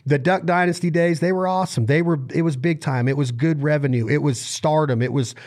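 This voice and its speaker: A man's voice: a little high, brisk, darkish tone. A man from Reno, Nevada, talking as a podcast guest in earnest, rambling conversational storytelling full of restarts and repeated words.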